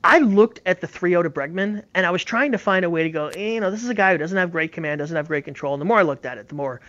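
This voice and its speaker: Man, baseball analyst, quick emphatic delivery, dull lo-fi sound. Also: sits high, fairly bright tone. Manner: emphatic, opinionated. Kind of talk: casual sports talk. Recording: slightly dull lo-fi audio.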